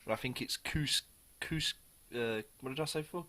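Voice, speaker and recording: A man's voice: medium pitch, moderate pace, pushed and bright. Chatty man reviewing beer. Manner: chatty and rambling, with swearing and frequent self-corrections. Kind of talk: casual video review.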